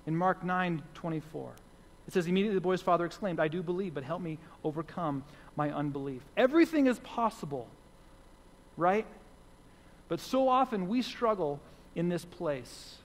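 A man's voice: sits high, animated, normal speed. A man preaching a sermon as pastor, earnest and repeating key phrases for emphasis. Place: church sanctuary. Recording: long hall reverb.

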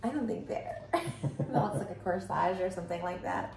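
A woman's voice: on the low side, moderate pace, gravelly, a little mellow, slight background noise. A woman filming a family vlog, gushing and giggling in baby talk to her infant. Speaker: vlogger parent. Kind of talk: casual family vlog chat.

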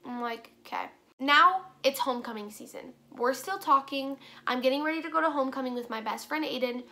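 Teen girl vlogger, bright voice, a bit high, chatty storytime, lots of fillers. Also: a little fast. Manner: chatty, fillers, quotes others in dialogue. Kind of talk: casual storytime.

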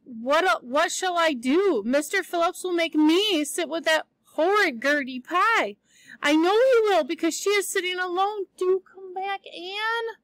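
A woman reading aloud as a coaxing young girl from a storybook, pleading with a friend. The voice sits high, and the sound is dry and close. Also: measured pace, a bit bright, no echo, poor audio.

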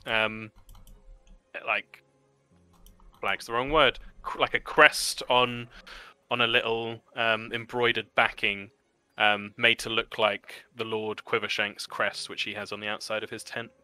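A man narrating as game master for a tabletop role-play game, describing scenes in a warm, descriptive manner and laughing easily. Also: lowish voice, flat delivery, unhurried, smooth, no echo.

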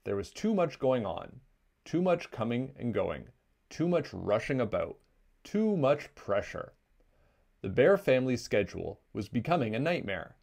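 A man with a mid-range voice and some vocal fry reads a children's picture book a little slowly, telling the story expressively.

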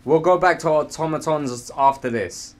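A young man chatting casually while gaming on his stream, joking and swearing, yelling during fights. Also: a little high, normal speed, soft background music.

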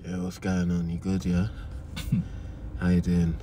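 A man putting on a fake deep, hushed flirting voice for a comedy bit. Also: completely flat delivery, takes it slowly. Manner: low, hushed, put-on seductive. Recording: noisy recording.

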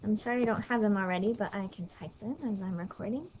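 A woman's voice: mid-range voice, quick pace, darkish tone, lo-fi sound. A woman teaching French to her class in a casual, chatty recorded lesson, with small apologetic asides, on scratchy audio from a tablet mic at home. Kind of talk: recorded lesson over slides.

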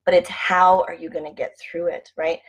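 A woman's voice: on the low side, flat delivery, normal speed, breathy edge, low-quality recording. A woman giving a casual, frank motivational talk at home, chatty and blunt, swearing now and then. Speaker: host.

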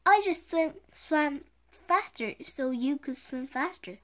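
A woman's voice: sits high, expressive, takes it slowly, fairly bright tone, exaggerated voice. A woman reading a storybook aloud, voicing a careful, bookish young boy with slight stumbles. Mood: earnest. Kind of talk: read-aloud storybook dialogue.

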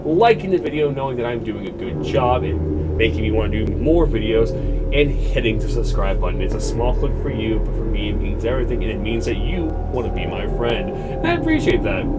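A man's voice: medium pitch, sing-song, normal speed, over loud music. A young man hosting a horror game playthrough, joking and rambling animatedly. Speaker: let's play host.

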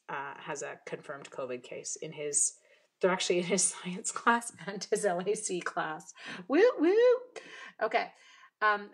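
A woman's voice: on the low side, a little hiss or hum. A middle-aged woman hosting a casual live stamping demo, chatting with viewers and laughing often as she works. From Canada. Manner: chatty, laughs often, talks to herself while working. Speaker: stamping demonstrator host.

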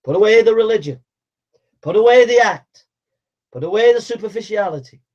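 Forceful high-voiced preacher man, lo-fi. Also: expressive, a little fast. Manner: forceful, repetitive exhortation with shouted calls to repent. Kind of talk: fiery street-style sermon. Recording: dull lo-fi recording.

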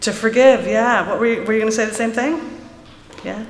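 A woman reading a children's story aloud in an animated way at a service, then drawing a lesson from it for the congregation. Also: a little high, brisk. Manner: animated storytelling, lively voices for characters. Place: large sanctuary. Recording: echoey hall, from a room mic.

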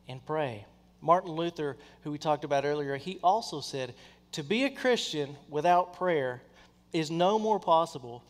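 A man preaching a sermon, telling a story in a lively way and acting out the people in it. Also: on the high side. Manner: animated, acts out quoted people in his stories. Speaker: pastor. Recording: long hall reverb.

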